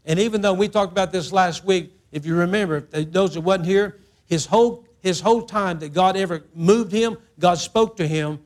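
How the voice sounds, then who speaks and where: A man with a high-pitched voice preaching in a church. He is an emphatic middle-aged pastor who repeats his phrases and acts out each quote. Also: normal speed. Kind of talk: sermon.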